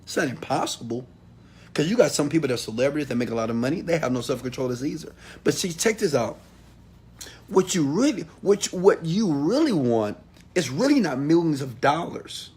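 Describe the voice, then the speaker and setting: Man, husky voice, motivational speaker, preachy, loud then hushed, talks straight to the crowd. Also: fairly high pitch, big pitch swings, a little fast. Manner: preachy, swings from loud to hushed, calls out to audience. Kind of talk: motivational talk to a live audience.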